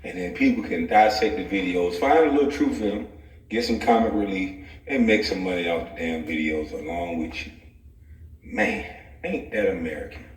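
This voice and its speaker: A man's voice: deep voice, moderate pace, recorded from a distance. A man vlogging straight to camera in a profane comic rant, laughing often as he talks. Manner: laughs often mid-sentence, loose and profane. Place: home office. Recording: echoey room, voice set back from the mic.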